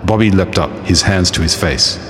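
A man narrating a story in a measured, even storytelling manner. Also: low-pitched, a little hiss or hum. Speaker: audiobook narrator. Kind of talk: scripted narration. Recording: reverberant audiobook with faint music.

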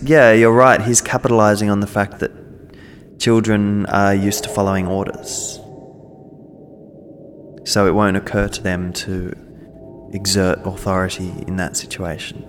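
A man's voice: fairly low pitch, flat delivery, measured pace, pauses often, slight background noise. A man co-hosting a casual discussion, thoughtful and often restarting as he searches for words. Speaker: podcast co-host.

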